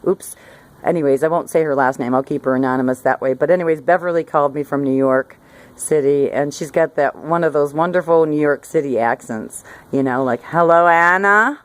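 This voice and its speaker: A middle-aged woman with a low voice talks to her camera outside by a hillside garden. She rambles and restarts her sentences, laughing now and then as she goes. It sounds like a relaxed chat about her day. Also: a little fast, dry recording. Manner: rambling, self-interrupting, laughs often. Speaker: vlogger. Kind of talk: casual talk to camera.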